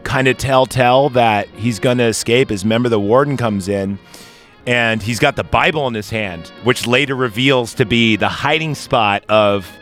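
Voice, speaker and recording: Podcast host, male, mid-pitched, loose and rambling, faint music behind. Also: normal speed, a bit bright. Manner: rambling, swears freely. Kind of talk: casual movie chat.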